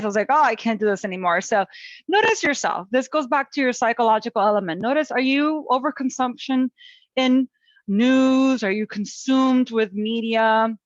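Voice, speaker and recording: A woman's voice: fairly high pitch, no room sound. Woman, webinar presenter, encouraging, chatty, dull dry audio. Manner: warm encouraging, chatty with fillers. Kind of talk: webinar talk on parenting resilience.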